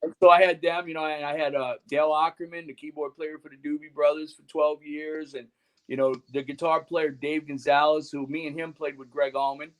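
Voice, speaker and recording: High-voiced rambling male storyteller. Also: flat delivery, fairly quick, a bit bright. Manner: rambling, full of "you know" and "man". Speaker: guest musician and radio host. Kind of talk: casual interview storytelling.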